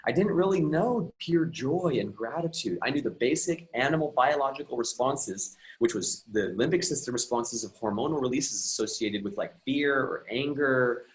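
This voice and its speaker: A guest emotional and relationship coach, this man tells a personal story earnestly and reflectively, often restarting his sentences. His medium-pitched voice is animated, moving at a moderate pace with hardly any pauses, though the audio is poor.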